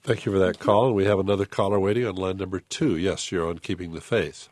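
A man hosting a call-in radio show, brisk, taking callers and reading out phone numbers. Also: sits low, steady tone, a little mellow, no echo. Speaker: radio host.

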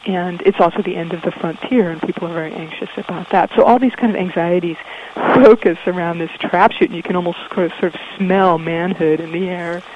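A woman's voice: on the low side, fairly even intonation, a little fast, a little hiss or hum. A woman guest in a radio interview, explaining in a thoughtful way with frequent ums, heard through dull, muffled audio.

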